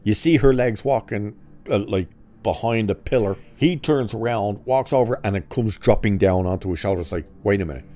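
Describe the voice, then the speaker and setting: A man's voice: lowish voice, moderate pace, mellow. A man casually recapping a film's plot as a reviewer, sarcastic, swearing, and mocking scenes with exaggerated quoted lines. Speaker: movie reviewer.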